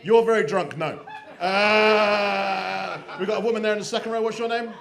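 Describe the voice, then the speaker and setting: A man's voice: high voice, normal speed, vocal fry. A man hosting a live comedy show, teasing the crowd with crude banter. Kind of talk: live stand-up compering. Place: comedy club stage. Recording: echoey club with loud crowd. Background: audience laughter and cheers.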